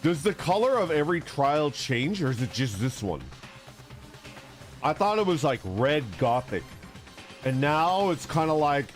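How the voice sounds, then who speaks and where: A man streaming a game in a goofy, chatty way, with lots of laughter. His pitch bounces around as he jokes and reads dialogue aloud. Soft game music plays under his voice. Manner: goofy, laughing, jumps between silly voices and reading.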